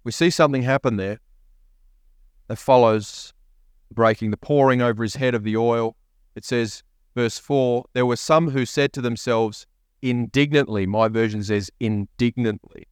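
A man's voice: medium pitch, moderate pace, clear, resonant tone, no echo, clean studio sound. A man preaching a sermon as a pastor, repeating key phrases and asking rising questions. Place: church.

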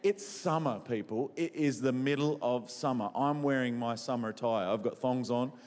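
A man's voice: medium pitch, normal speed. An Australian man preaching and telling funny stories, asking the crowd questions and poking fun at himself. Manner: animated, quizzes the crowd, self-mocking. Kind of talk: humorous sermon storytelling. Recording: echoey hall.

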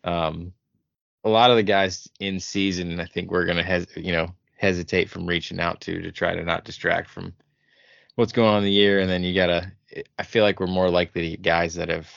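A man's voice: sits low, fairly even intonation, brisk, creaky, fairly bright tone, no room sound. A man being interviewed as a podcast guest, talking in a laid-back, rambling way full of fillers. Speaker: podcast guest, show creator. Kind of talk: casual podcast chat. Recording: dull lo-fi audio.

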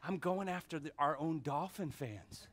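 A male pastor preaching a sermon to his church, fervent and shifting between shouts and hushed asides. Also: on the high side, normal speed. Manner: fervent, swings from shouting to near whispers. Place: church sanctuary.

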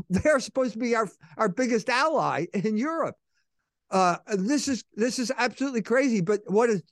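A male co-host on a political talk show argues in a high, emphatic voice. His tone is sardonic, and the sound is dry with no room around it. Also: dry recording.

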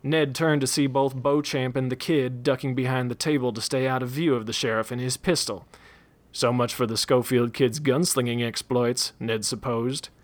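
A man reading a western story aloud in a relaxed storytelling manner. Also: mid-range voice, moderate pace.

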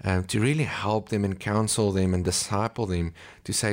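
A man's voice: fairly low pitch, fairly even intonation, normal speed. A man from South Africa, a missionary pastor, telling ministry stories in an interview, with many ums and acted-out quotes. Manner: storytelling, acts out quoted voices, many ums. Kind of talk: conversational interview.

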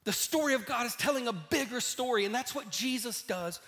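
A man preaching a sermon, telling the story lively and asking the listeners questions as he reads scripture. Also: extremely high pitch, fairly quick. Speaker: pastor.

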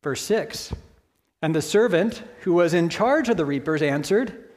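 A man's voice: fairly high pitch, animated, unhurried, darkish tone. A man preaching a sermon in a church, explaining a Bible passage in a conversational way with rhetorical questions.

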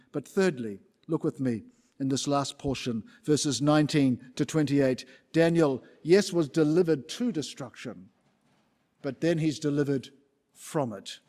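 A man's voice: fairly high pitch, darkish tone. A man preaching a sermon in a church, emphatic and building up repeated rhetorical lists.

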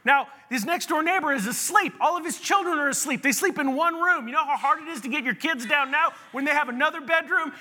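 A man preaching a sermon as pastor, telling stories in an animated way and often restarting his sentences. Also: extremely high pitch, fairly quick, hardly any pauses. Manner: animated storytelling with repeated restarts. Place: church sanctuary. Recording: long reverb of a large hall.

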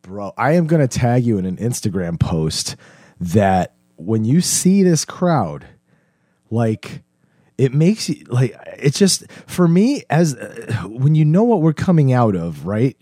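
A hoarse young man co-hosts a podcast, his voice worn and going. He talks in an animated, rambling way. His tone is mellow and dark, recorded close and dry. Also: mid-range voice, takes it slowly, dry recording. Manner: animated, rambling, says "dude" and "bro" a lot. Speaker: podcast co-host. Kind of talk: casual chat.

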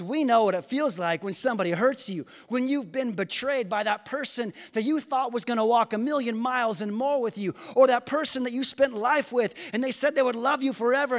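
A male pastor preaching a sermon in church, leading call-and-response and swinging between quiet, slow lines and loud shouts. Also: extremely high pitch. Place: church hall.

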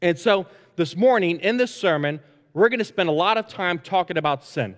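A male pastor preaches to his congregation, restating points and pausing on frequent "uh" sounds. His voice sits a touch higher than most men's, and the room adds a long, ringing reverb. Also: expressive. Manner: repetitive, measured, frequent "uh" fillers. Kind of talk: sermon. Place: church sanctuary. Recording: long reverb in a large sanctuary.

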